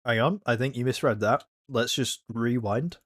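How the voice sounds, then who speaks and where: A man's voice: medium pitch, normal speed, a bit bright, no room sound. A man hosting a reaction video, talking casually and correcting himself as he rambles. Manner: rambling, self-correcting, candid.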